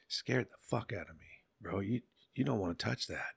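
A middle-aged man telling a story in a casual chat, animated and profane, acting out the people he quotes. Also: lowish voice, moderate pace, vocal fry, pauses often, breathy edge. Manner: animated, swearing, acts out quotes in other voices. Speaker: podcast guest.

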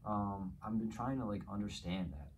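A man's voice: on the low side, expressive, moderate pace, a little hiss or hum, low-quality recording. A man in his forties from New Jersey, a podcast guest speaking in candid, casual chat, frank and profane, flaring up when he vents. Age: 40s.

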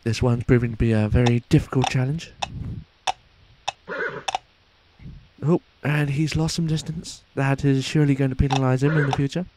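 A man playing a pompous, excitable sports announcer in mock commentary over a video game, with formal announcer phrasing, recorded on a noisy home mic. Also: very high-pitched, fast talker, pitched above the performer's own voice, heavily acted. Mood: hushed commentary. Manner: formal announcer phrasing, shouts at near misses.

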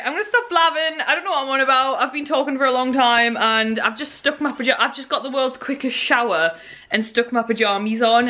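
A young woman vlogging at home in a rushed, gushing and excitable way. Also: fairly high pitch. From United Kingdom. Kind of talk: casual vlog chat. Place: at home in a living room. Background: television audio.

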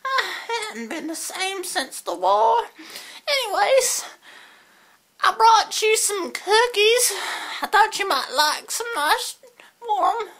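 A doddering, sweet old granny in a comedy sketch, her quavering voice pitched extremely high. She drags every word out slowly and fusses over her cookies. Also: lively intonation, vocal fry, pushed and bright, heavily acted. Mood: sweet, doting. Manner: quavering, drawn-out granny falsetto.

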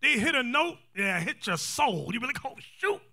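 A man teaching a scripture class in a lively, joking sermon style, acting out quotes. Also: very high voice, moderate pace, creaky. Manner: animated, joking, acts out quotes, calls for readings.

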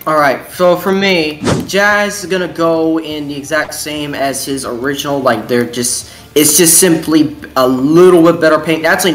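A man chatting casually as a guest on a call, with quick offhand remarks. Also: fairly high pitch, fairly bright tone, low-quality recording. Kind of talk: casual chat over a call.

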